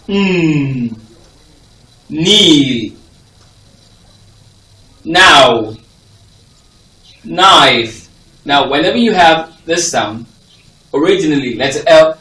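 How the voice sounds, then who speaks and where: A male English teacher leads a class through a phonics lesson, stressing and repeating example words and checking that students keep up. His voice is fairly high and bright, heard from a distance in an echoey room.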